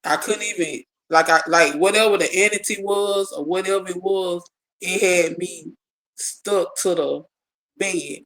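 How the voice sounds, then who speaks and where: An animated speaker tells a personal story in casual talk, with a gravelly edge and a bright, forceful tone. The speaker keeps repeating and restarting words while acting out each exchange for listeners. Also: mid-range voice, a little slow, rough recording.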